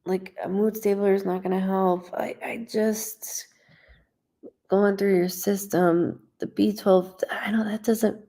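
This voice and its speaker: A woman's voice: medium pitch, gravelly, warm tone. A woman working as a psychic medium on a casual live stream, talking straight to the viewer in a blunt way and swearing freely.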